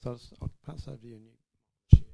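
A man's voice: mid-range voice, fairly even intonation, fast talker, vocal fry, warm tone. Man, church testimony, conversational and self-mocking, laughs a lot. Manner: chatty, self-deprecating, laughing often. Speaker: speaker sharing about marriage. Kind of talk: informal testimony to a church audience.

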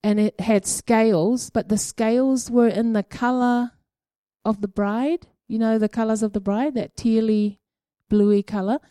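A woman sharing her prophetic experiences at a church gathering, speaking in a halting, conversational way with many ums and a habitual "eh?". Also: fairly high pitch, fairly even intonation, mellow, smooth, dry recording. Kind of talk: informal church teaching talk.

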